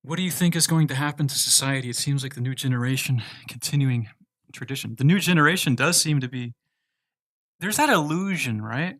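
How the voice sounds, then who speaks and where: A man from the United States chats casually on a livestream, reading out viewer questions and answering them loosely. His voice sits at an ordinary middle pitch. The sound is dry and close, with no room echo. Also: fast talker, fairly bright tone. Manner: laid-back, reads viewer questions aloud and answers loosely. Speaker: livestream host answering chat.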